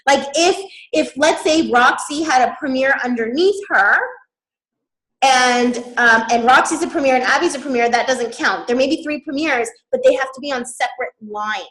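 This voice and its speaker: High-voiced woman teaching strategy. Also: moderate pace, reverberant, low-quality recording. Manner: animated, laughs often. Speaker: network marketing leader.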